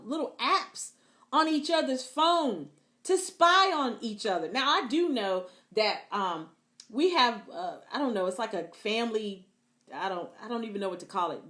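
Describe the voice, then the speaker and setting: A woman Christian counselor giving a lively, preacher-like teaching talk, acting out abusers' taunts and calling listeners "beloved". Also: fairly high pitch.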